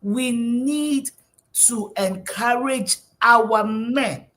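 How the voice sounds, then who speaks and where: A woman's voice: fairly high pitch, drawn-out words, fairly bright tone. A woman guest on a talk show, giving emphatic, preachy advice.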